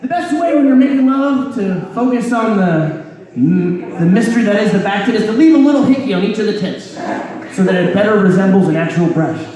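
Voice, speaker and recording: A man performing a live stand-up set of crude one-liners, delivered deadpan with a dry "you're welcome" tag. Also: sits high, a little fast. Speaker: stand-up comedian. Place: comedy club stage before a laughing audience. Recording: echoey room, distant mic, crowd laughter.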